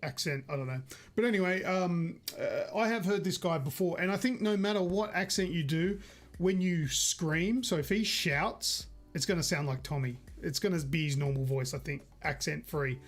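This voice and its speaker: A man's voice: on the high side, moderate pace, soft background music. A man co-hosting a gaming podcast in casual chat, rambling and correcting himself as he goes. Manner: chatty, rambling, self-correcting. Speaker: podcast co-host.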